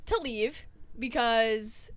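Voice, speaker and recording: A woman's voice: on the high side, drawn-out words. A young woman in college telling a long story in casual podcast chat, full of "like" fillers. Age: young adult. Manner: animated storyteller, lots of "like" fillers.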